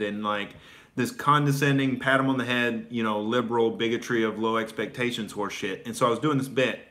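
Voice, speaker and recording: A low-leaning, fairly bright voice with fairly even intonation belongs to a brisk-talking stand-up comedian from Oklahoma. He keeps the chat loose and profane, packed with fillers, laughing between his stories.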